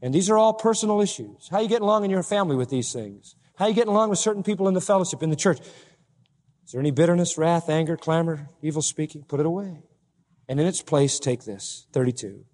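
A pastor preaching a sermon, swinging between loud emphatic peaks and quiet low asides. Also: male voice, big-room sound.

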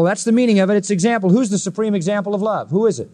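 A man preaching a sermon, emphatic and full of rhetorical questions, often swinging his pitch up high and dropping it low. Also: rapid-fire, dark tone.

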